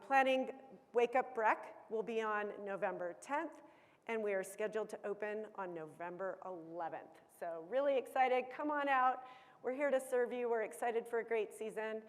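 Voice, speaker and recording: A woman's voice: on the high side, moderate pace. A woman giving an upbeat conference presentation about her ski area's season, with some filler ums. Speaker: ski area operations chief. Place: conference hall. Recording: long reverb of a conference hall.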